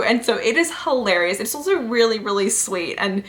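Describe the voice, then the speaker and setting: A woman's voice: fairly high pitch, normal speed. Chatty woman gushing over webcomics. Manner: chatty, animated retelling of plots, frequent "like" and "you know". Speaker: book and webcomic reviewer. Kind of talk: casual recommendation chat.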